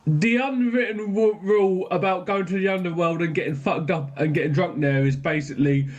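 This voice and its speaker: A man's voice: high-pitched, fairly even intonation, fairly quick, lo-fi sound. A man in casual chat who rambles, swears and keeps restarting his sentences.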